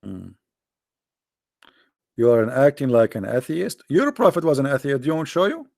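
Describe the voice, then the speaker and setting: Tired, hoarse male stream host, gravelly and taunting, dry close mic. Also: mid-range voice, sing-song, normal speed, a little mellow, no room sound. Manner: sarcastic, taunting. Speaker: host of a live debate stream. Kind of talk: casual mocking live-stream talk. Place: quiet room at home.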